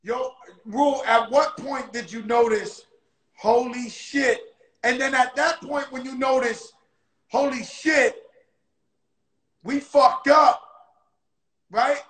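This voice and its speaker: A man with a very high voice hosts a casual livestream interview over a phone video call. He is loud and excitable and swears freely. His voice sounds roomy and echoing. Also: slow pace, pauses often. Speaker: host.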